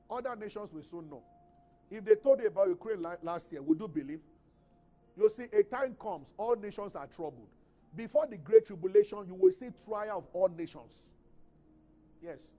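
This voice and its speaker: A pastor with a Nigerian English accent preaches a sermon, shifting between loud, emphatic scripture readings and quiet, conversational asides. His high-pitched voice has lively intonation and a fairly quick pace, with faint music in the background.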